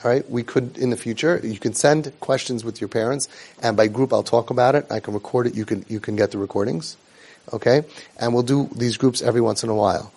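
A middle-aged man speaking in a middle pitch, teaching a group of young people with earnest conviction. He presses his points with rhetorical questions and repeated phrases. Hebrew and Yiddish religious words run through his speech. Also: fairly quick, darkish tone, husky. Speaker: family support trainer. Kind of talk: instructive talk to a group of young siblings.

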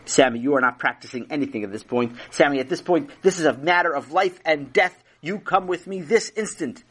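A man's voice: on the high side, a little fast, fairly bright tone, breathy edge. A man voicing a puzzled, fussy father in a told children's story, rambling through guesses. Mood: stern.

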